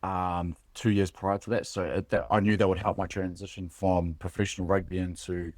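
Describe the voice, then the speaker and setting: A New Zealand man in his late thirties with a low, deep voice, talking as a podcast guest. He speaks in a halting, relaxed way, restarting his sentences and calling the host "bro". The sound is dry and close. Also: dry recording. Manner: halting, many fillers and restarts, says "bro" often. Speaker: podcast guest, former rugby player. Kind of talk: casual conversational interview.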